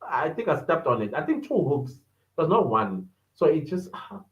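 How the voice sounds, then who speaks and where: Male host, slightly high voice, slow and chatty, laughs often, echoey room. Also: sing-song. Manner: chatty, laughs often, greets viewers by name. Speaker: podcast host reading live chat. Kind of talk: casual livestream chat. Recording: echoey room, dull lo-fi sound.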